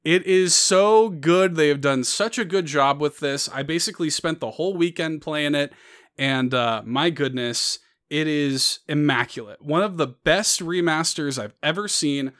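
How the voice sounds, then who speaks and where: Animated, laughing man co-host. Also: fairly high pitch, normal speed. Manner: animated storyteller, laughs often. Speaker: podcast co-host. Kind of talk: casual chat.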